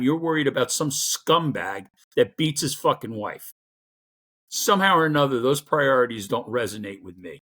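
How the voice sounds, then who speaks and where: A middle-aged man giving an angry, profane political rant, growing louder as he goes. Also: mid-range voice, husky. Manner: angry, profane, rising to loud outbursts. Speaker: political commentator.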